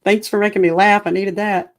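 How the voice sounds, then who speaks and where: A woman hosts a livestream from a home streaming setup, reacting anxiously to what's happening and chatting with her viewers. Her mid-range voice stays fairly level in pitch and moves fairly quickly.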